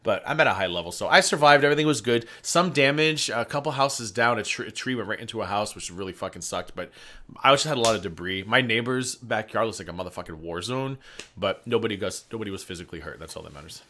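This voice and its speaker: A man guesting on a livestream who rattles through chatty, profane stories. His voice is low-pitched with a bright, forceful edge, and he talks quickly. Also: lively intonation. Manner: chatty, profane, rambling anecdotes. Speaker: guest on the stream. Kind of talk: casual storytelling chat.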